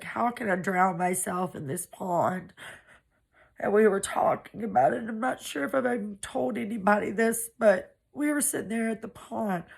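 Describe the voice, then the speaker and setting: A woman from Pennsylvania giving a personal testimony, halting and emotional, with many restarts and fillers. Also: medium pitch, creaky. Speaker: survivor telling her story.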